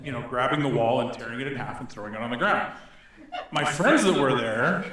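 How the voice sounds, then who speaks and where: A middle-aged man from Northern Alberta spins a story for a crowd in a synagogue hall. His voice sits a little high, and he keeps breaking into laughs as he acts out each voice. The room rings with heavy echo. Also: background noise. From Northern Alberta, Canada. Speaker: speaker. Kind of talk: storytelling to an audience. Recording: echoey hall.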